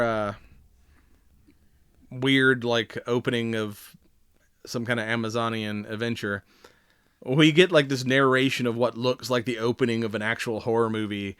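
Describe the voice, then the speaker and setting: A man co-hosting a podcast in casual chat, retelling a movie scene by scene with lots of swearing, laughter and quick acted-out lines of dialogue. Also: medium pitch, smooth, no echo, clean studio sound. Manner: animated storyteller, swears a lot, acts out movie lines. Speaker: podcast co-host.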